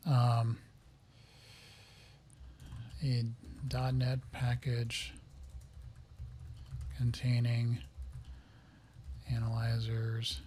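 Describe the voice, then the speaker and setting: A man talking casually to viewers as he sets up a software project, rambling, thinking aloud and getting flustered by interruptions. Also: medium pitch, moderate pace, pauses often, a little hiss or hum. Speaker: software developer streaming a coding session. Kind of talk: casual live-coding commentary.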